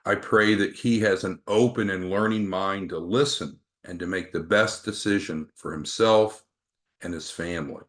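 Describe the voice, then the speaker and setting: A man voicing a kindly older gentleman who prays slowly and reverently, with a gravelly voice. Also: low-pitched, voice pushed down. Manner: slow, reverent praying. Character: kindly older gentleman praying before a sales call.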